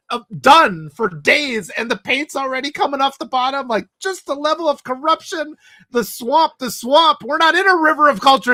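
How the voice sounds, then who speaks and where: A woman with a high, bright, sharp-edged voice chats casually as co-host. She rambles animatedly and breaks into laughter often. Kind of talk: casual chat.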